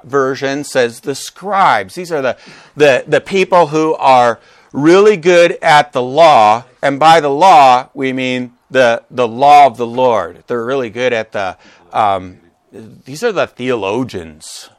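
A man preaching a sermon to his congregation. He is animated and joking, and acts out quotes with big jumps in pitch. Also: takes it slowly, no room sound. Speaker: pastor. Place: church gathering with a live congregation.

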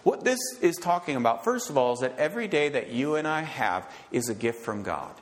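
A man's voice: medium pitch, big pitch swings, fairly quick. A male pastor giving an emphatic sermon, often asking rhetorical questions and checking in with "okay?". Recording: long reverb of a large hall.

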